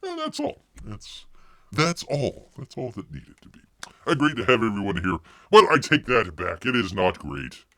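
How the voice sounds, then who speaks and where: A man's voice: fairly low pitch, wildly swooping pitch, moderate pace, bright, forceful tone, no room sound. A man hosting a live stream in casual chat, calling himself Bear in the third person with over-the-top mock mourning.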